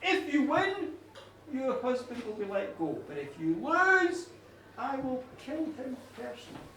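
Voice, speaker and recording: A man's voice: extremely high pitch, big pitch swings, pushed and bright, a little hiss or hum, exaggerated voice. A man playing a proud, commanding king. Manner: slow, commanding, threatening. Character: proud angry middle-aged male king. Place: pub at a live show. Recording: echoey pub room from far off.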